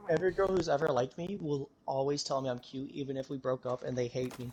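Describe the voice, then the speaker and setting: Quick, brash young man, bluntly honest, casual stream banter. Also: mid-range voice, steady tone, darkish tone. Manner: blunt, brash, swears a lot. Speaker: guest on a gaming stream. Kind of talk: casual chat.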